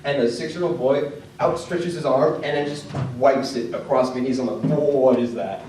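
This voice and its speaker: A man's voice: medium pitch, fairly even intonation, normal speed, noisy background. Young man doing stand-up in an echoey club. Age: young adult. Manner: storytelling with acted-out dialogue, rising to shouts. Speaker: stand-up comedian. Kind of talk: stand-up comedy set. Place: comedy club stage with live audience. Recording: distant mic in an echoey room. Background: audience laughter.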